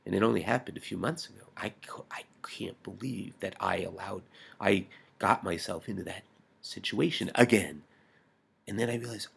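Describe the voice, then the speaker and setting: A man speaks in a deeply gravelly, husky voice with plenty of vocal fry. He rambles intensely through a personal video message, full of halting restarts and swearing, and often sinks to a whisper. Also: a bit bright.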